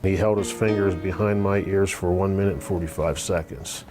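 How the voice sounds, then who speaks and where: A middle-aged man giving a halting testimonial in an interview, with many fillers and restarts. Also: deep voice, fairly even intonation. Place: office. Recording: guitar music playing clearly underneath.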